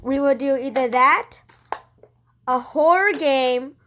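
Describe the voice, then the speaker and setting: A woman co-hosting a casual gameplay video in a high voice. She rambles excitably and restarts her sentences often. The talk is loose and chatty throughout. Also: slow, a little hiss or hum. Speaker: gaming channel co-host.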